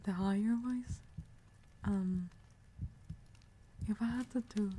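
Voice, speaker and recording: A woman whispering softly in an ASMR livestream, greeting viewers and answering chat, often sinking into a relaxed, lower voice. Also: slow, pauses often, husky. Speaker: livestream host.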